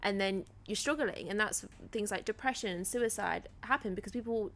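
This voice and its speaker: Bright-voiced woman, grief educator guest. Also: medium pitch, moderate pace. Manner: explanatory, earnest. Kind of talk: podcast interview.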